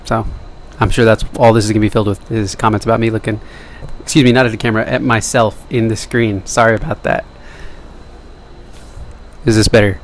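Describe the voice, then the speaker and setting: A man's voice: lowish voice, little pitch movement, a little fast, a little hiss or hum. A young man talking casually to camera in a rambling monologue, joking at his own expense and wandering into side remarks. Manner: jokey, self-deprecating, wandering asides. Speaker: vlogger.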